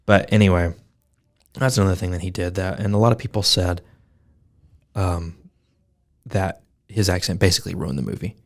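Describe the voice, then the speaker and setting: Gravelly low-voiced man in casual chat. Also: moderate pace, pauses often. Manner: joking, opinionated, laughs often. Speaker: podcast co-host. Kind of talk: casual chat about a film.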